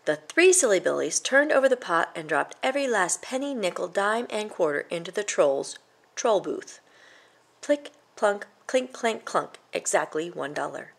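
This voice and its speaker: A woman's voice: lowish voice, lively intonation, moderate pace, creaky, husky. A woman reading a children's picture book aloud, with playful sound words.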